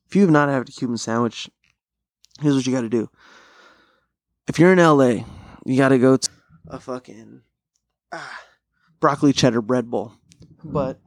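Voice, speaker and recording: A man's voice: mid-range voice, no room sound, clean studio sound. A young man hosting a solo podcast, telling rambling, profane, slang-heavy food stories. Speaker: podcast host. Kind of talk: casual solo podcast monologue. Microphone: close studio mic.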